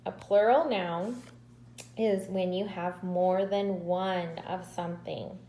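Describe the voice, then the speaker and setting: Woman, kindergarten teacher, unhurried patient delivery, roomy echo. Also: on the low side, warm tone, slight background noise. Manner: slow, patient, drawn-out syllables. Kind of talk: recorded remote lesson to children.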